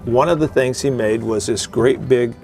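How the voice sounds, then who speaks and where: A man's voice: medium pitch, normal speed. Middle-aged man spinning a salty sea story. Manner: salty, joking, chuckles through the story. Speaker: retired Coast Guard veteran, video host. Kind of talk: casual spoken storytelling. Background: music.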